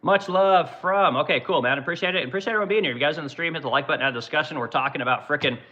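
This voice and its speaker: A man's voice: a little high, very fast, pushed and bright, muffled recording. A man in his forties from Oregon hosting a livestream, ranting in casual, profane commentary. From Oregon, USA. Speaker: livestream host and business owner.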